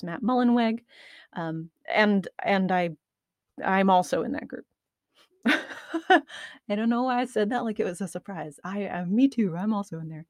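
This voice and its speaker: A woman's voice: medium pitch, a little slow, long pauses, no room sound. A woman podcast host recording outtakes at a computer microphone. She is nervous with a dry mouth, laughs at herself and keeps restarting her lines. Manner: self-deprecating, giggly, restarts often. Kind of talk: casual recording outtakes, self-commentary. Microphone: studio microphone at a computer.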